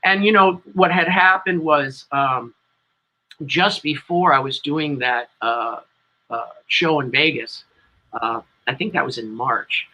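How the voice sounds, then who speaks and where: A man's voice: a little high, slow pace, sharp tone, low-quality recording. A middle-aged man with a New England accent, a tribute band singer telling a long, rambling story as an interview guest.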